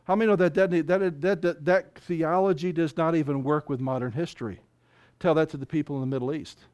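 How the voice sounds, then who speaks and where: A man preaching a fervent sermon, reading scripture aloud and speaking in quick bursts. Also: a little high, fairly even intonation, darkish tone. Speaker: pastor.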